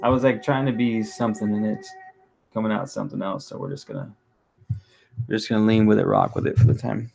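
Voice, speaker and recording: A man's voice: lowish voice, flat delivery, fast talker, vocal fry, a little mellow, faint music behind. A young man hosting a candlelit reading at home, chatting casually and rambling through an intermission, swearing freely. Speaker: reader and host. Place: home with candles and a resin burner.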